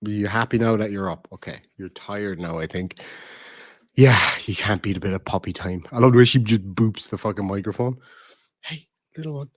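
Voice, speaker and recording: A man's voice: fairly low pitch, brisk, no room sound, studio quality. A man with an Irish accent hosting a casual livestream, reading donations and chatting loosely, swearing freely and cooing baby talk at his dog. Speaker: channel host.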